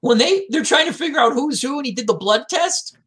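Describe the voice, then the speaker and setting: Animated man retelling film scenes. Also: very high voice, brisk. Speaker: co-host. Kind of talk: casual chat.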